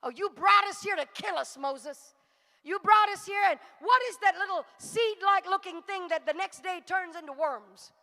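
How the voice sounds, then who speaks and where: A woman's voice: very high voice, moderate pace, few pauses, bright, forceful tone, in a large hall, exaggerated voice. A woman preacher voicing a grumbling Israelite who complains sarcastically to Moses. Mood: whiny complaining.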